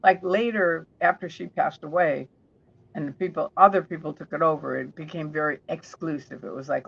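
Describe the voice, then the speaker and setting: A woman guest telling stories in an interview, chatty and warm, often restarting her sentences. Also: low voice, fairly quick, gravelly, husky, muffled recording.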